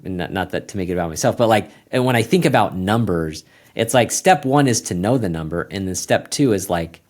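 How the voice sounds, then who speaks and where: A man with a fairly low voice talks through his work as a guest on an interview show. His speech is casual and rambling, full of restarts and self-corrections. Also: animated, fairly quick. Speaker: guest accountant.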